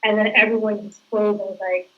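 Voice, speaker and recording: Woman guest actress, chatty storyteller, mid-pitched, muffled lo-fi recording. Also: level tone, fairly quick. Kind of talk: casual interview answers.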